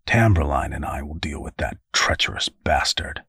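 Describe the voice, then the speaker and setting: A man's voice: rumbling low, lively intonation, moderate pace, creaky, sharp tone, slightly rough, no room sound, studio quality, voice pushed down, full character voice. A man voicing a wounded ex-soldier father who speaks tersely and coldly. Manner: terse, cold.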